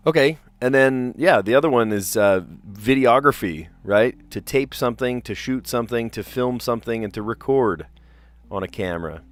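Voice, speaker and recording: A man's voice: medium pitch, moderate pace. A man chatting casually on a live stream while he plays word puzzles, rambling and laughing often. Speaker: teacher.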